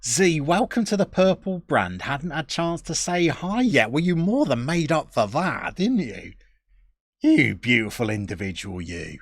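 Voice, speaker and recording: Gravelly, slow-talking man streaming. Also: fairly high pitch, sing-song, no echo, clean studio sound. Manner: chatty, self-deprecating and quick to giggle. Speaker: Football Manager streamer. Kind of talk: casual live-stream chat reading viewer messages.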